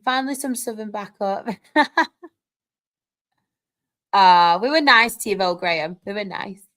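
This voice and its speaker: Hosting a live stream, this young Northern English woman reads out comments and chats in a relaxed way. Her voice sits at a medium pitch, and she's bubbly, breaking into quick laughs.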